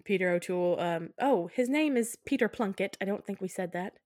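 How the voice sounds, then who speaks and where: A woman's voice: mid-range voice, expressive, brisk, darkish tone, dry recording, clean studio sound. A woman co-hosting a podcast, casually retelling film scenes with frequent giggles. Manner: giggly, retells scenes and slips into put-on accents. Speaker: podcast co-host. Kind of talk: casual film-recap chat.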